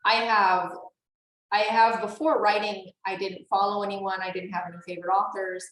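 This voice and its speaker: An enthusiastic woman in her forties talks about her writing as an interview guest, quick to laugh. Her voice carries a roomy echo. Her pitch sits in the middle of the range. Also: little pitch movement, fairly bright tone, slight background noise. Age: 40s. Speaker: author guest. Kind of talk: casual interview chat.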